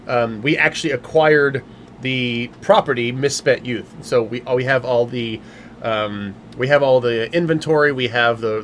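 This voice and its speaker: A man with a medium-pitched, fairly bright voice hosts a casual livestream chat, with faint background noise behind him. He owns a game company, and his delivery is loose and rambling, with many fillers and restarts.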